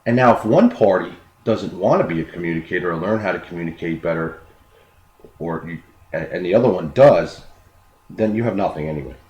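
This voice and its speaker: A man's voice: deep voice, expressive, brisk, a little mellow, lo-fi sound. A man giving an unscripted self-improvement talk, earnest, often repeating words as he explains. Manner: earnest, repeats words, acts out quoted dialogue. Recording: echoey room with faint noise.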